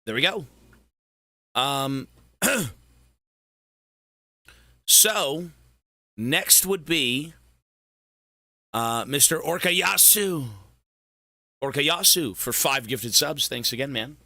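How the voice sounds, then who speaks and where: A hoarse man chats with his stream audience, loose and swearing, clearly worn out in the throat. His unhurried talk has a bright, sharp edge and bounces between high and low. The sound is dry and close. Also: animated, no echo. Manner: slow, loose, swearing banter. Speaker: gaming livestreamer. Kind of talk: casual live-stream chat.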